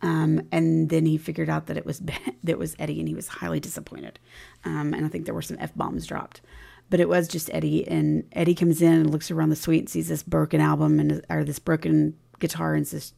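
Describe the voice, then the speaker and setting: A woman co-hosting a casual podcast, her voice sitting low with a gravelly, fried edge. Her tone is dark and mellow, and she retells scenes by acting out the dialogue with emphasis. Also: fairly even intonation, moderate pace. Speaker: podcast co-host. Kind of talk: casual recap chat.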